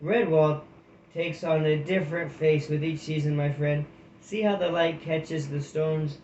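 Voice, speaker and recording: A gentle, mild-mannered old storybook abbot with a slightly raised voice, as a man reads him. The sound is roomy and somewhat dull. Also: a little high, fairly even intonation, a little slow, slight background noise, close to an everyday voice. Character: gentle older male hedgehog abbot.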